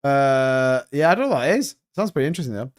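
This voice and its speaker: A young man hosting a crypto live stream, talking fast and excitedly in a rambling, casual way while reading viewer comments. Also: mid-range voice.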